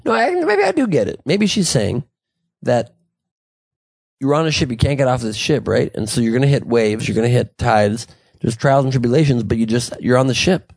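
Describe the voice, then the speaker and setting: Podcast host, male, gravelly voice, dry close sound, loose joking delivery. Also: mid-range voice, a little mellow, no echo. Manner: joking, rambling, quick banter. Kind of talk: casual podcast chat.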